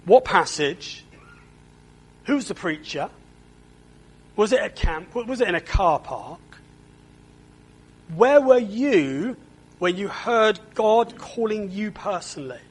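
A man preaches a sermon with a high voice, pacing his words slowly and deliberately. He sounds earnest and doubles back on words as he presses each point home. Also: expressive, husky, rough recording. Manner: earnest, repeats words when stressing a point.

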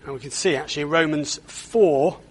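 A man's voice: a little high, brisk, rough recording. A man preaching a sermon in a church, earnest and often repeating words as he stresses a point.

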